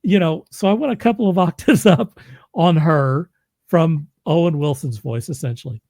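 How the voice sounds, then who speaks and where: A man's voice: on the high side, moderate pace, warm tone, no echo, clean studio sound. A man who narrates audiobooks, chatting casually as host, laughing often and restarting his sentences. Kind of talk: casual chat.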